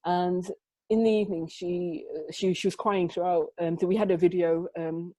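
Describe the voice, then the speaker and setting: A woman with a lowish, mellow voice talks through her photography in an animated, storytelling way, often restarting her sentences. She is heard over a dry-sounding video call. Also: normal speed, dry recording, low-quality recording. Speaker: photographer, guest. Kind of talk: conversational interview storytelling. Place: home, remote conversation.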